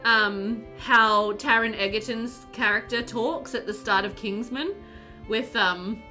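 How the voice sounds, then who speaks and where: A woman's voice: fairly high pitch, slow, bright, forceful tone, faint music behind. A woman streamer chatting casually and animatedly with viewers while playing a game, often laughing.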